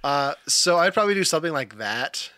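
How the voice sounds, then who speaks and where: Married guy cohosting a podcast, teasing his buddies, bright voice, dead dry sound. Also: a little high, sing-song, fairly quick, no room sound. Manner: teasing, jokey. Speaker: podcast co-host. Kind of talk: casual chat.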